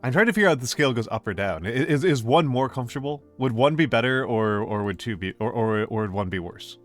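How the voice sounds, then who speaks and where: A man streaming as a VTuber, chatting casually with his live viewers in a rambling, gently playful way, often repeating his own phrases. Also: medium pitch, animated, quick pace, soft background music.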